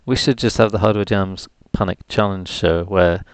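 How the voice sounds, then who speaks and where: A livestream host from North East England, with a mild Geordie accent, rambles jokily to fill time on a live music stream, chatty and self-deprecating. His voice sits low with a steady tone, clear and resonant, at normal speed, and there's no echo.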